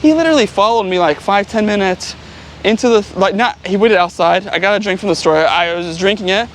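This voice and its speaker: A travel vlogger with a high voice walks down a city street outdoors, telling stories casually. He rambles and leans heavily on fillers like "like" and "you know." His tone is brisk and fairly bright, with a little hiss or hum in the background.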